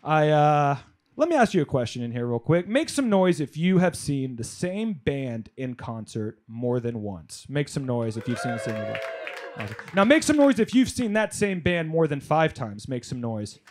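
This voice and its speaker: Male stand-up comedian, lively delivery, slightly higher voice, live club stage. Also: normal speed. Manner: animated storytelling, crowd work, shouted punchlines.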